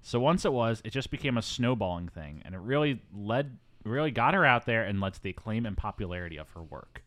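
Guy hosting a movie podcast, low voice but bouncy, lots of ums, dry mic. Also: lively intonation, fairly bright tone, no room sound. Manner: chatty, many ums and quick asides. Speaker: podcast host. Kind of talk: casual movie podcast chat.

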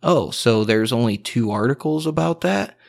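A man's voice: mid-range voice, expressive, moderate pace, creaky. A man hosting a podcast, talking bluntly in a heated, profane, unscripted rant. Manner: heated, blunt and swearing constantly. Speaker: podcast host.

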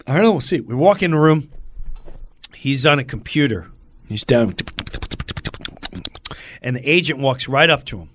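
A middle-aged male comedian telling an animated story as a guest, acting out other people's voices in the quotes. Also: mid-range voice, moderate pace, long pauses, dry recording.

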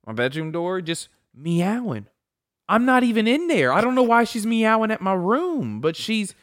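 A man's voice: high voice, normal speed, no echo, clean studio sound. A young man co-hosting a casual podcast, swearing freely and acting out voices as he tells stories. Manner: crude, animated storyteller who acts out voices. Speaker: podcast co-host. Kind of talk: casual chat.

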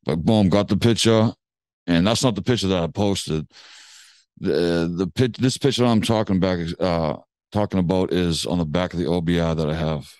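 A man with a low voice tells a story in loose, slangy chat, swearing freely and acting out what people said. The sound is dry and close, with no room echo. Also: normal speed. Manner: animated storyteller, slangy and profane, acts out quotes. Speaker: guest telling a story.

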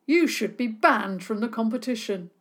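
A woman's voice: on the high side, animated, moderate pace. A woman voicing an angry man who cries out indignantly. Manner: indignant, crying out angrily. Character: angry grown man, vegetable grower.

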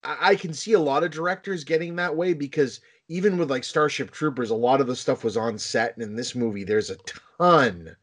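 A man co-hosting a casual podcast chat, telling film anecdotes in an animated way with quick asides. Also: medium pitch. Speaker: podcast co-host.

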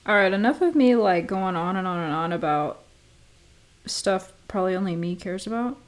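A young woman of twenty talks on her own podcast in an easy, rambling way, full of "like." She gets animated and shoots up in pitch when something thrills her. Mid-range voice. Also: moderate pace. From Missouri, US. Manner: chatty and animated, heavy use of "like," jumps up in pitch when excited. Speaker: podcast host. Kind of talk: solo casual podcast chat.

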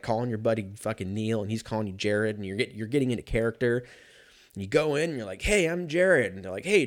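Casting: young male podcast host, low-pitched, profane, rambling solo chat.

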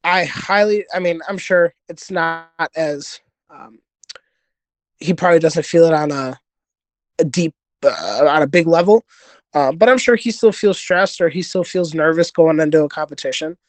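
A man's voice: a little high, normal speed, dry recording. A man telling stories in a casual podcast interview, earnest and rambling with many restarts. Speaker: podcast guest, jiu-jitsu competitor.

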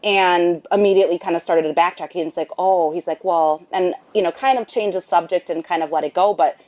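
Woman rambling thru a story, does the other voices, kinda lowish, dull muffled sound. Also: a little fast. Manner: chatty, rambling, acts out dialogue. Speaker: guest, the host's sister. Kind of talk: storytelling conversation.

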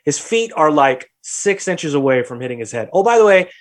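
A young adult man hosting a podcast, telling a story in a lively, profane, casual way. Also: on the high side, moderate pace. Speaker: podcast host.

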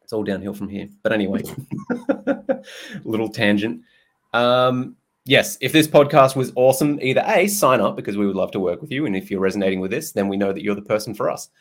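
Chatty low-voiced male podcast host. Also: animated, brisk. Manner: chatty and jokey, swears freely, laughs often. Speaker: podcast host and nutrition coach. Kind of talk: casual chat.

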